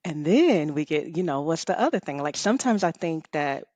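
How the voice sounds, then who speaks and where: Expressive storytelling woman, dry sound. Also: low voice, normal speed, dry recording. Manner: expressive, laughs often, many "you know"s. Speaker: author and rest coach, guest. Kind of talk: personal storytelling in a conversation.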